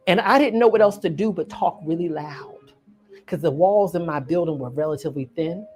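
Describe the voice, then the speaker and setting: A woman's voice: fairly low pitch, fairly quick, a little mellow, faint music behind. A woman telling a personal story, dramatic and vivid, acting out each scene and calling the listener honey. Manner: dramatic, acts out scenes and voices.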